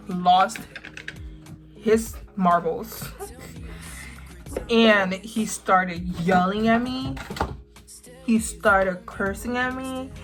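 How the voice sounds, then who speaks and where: A young woman vlogger telling a personal story with emphatic, drawn-out words. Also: mid-range voice, fairly bright tone. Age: young adult. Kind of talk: storytime vlog.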